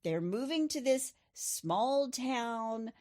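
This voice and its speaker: A woman's voice: a little high, lively intonation, drawn-out words, a little mellow. A middle-aged woman hosting a true crime podcast, telling the case in a chatty way with personal asides. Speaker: podcast host. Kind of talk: true crime storytelling chat.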